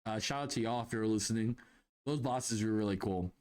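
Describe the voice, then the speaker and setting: A young man hosting a podcast, telling job anecdotes in a rambling, animated way with lots of restarts. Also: lowish voice, brisk. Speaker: podcast host. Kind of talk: casual storytelling monologue.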